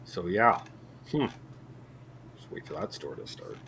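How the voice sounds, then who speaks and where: A man's voice: deep voice, wildly swooping pitch, measured pace, vocal fry, noisy background. A man from Canada, co-hosting a casual guitar chat in a joking, rambling way. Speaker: co-host.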